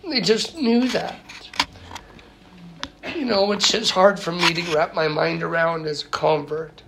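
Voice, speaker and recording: A male priest speaks in an interview in a gravelly, creaky voice, stopping and restarting his sentences often. The recording carries a clear layer of background noise. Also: on the high side. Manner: halting, many fillers and restarts. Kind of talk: interview conversation.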